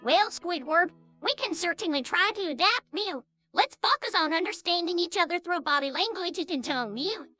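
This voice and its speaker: An AI doing a high, sensible cartoon squirrel woman. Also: expressive, normal speed, few pauses, bright, forceful tone, soft background music, exaggerated voice. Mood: coaxing. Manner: reasonable, coaxing. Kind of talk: AI voice imitation of a cartoon.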